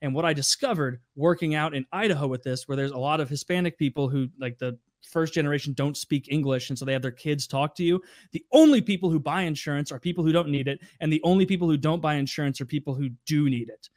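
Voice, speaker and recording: A man's voice: on the high side, fast, few pauses, darkish tone, no room sound, clean studio sound. A man on a podcast, telling casual, profane anecdotes with a wry edge. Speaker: podcast regular. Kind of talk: casual storytelling.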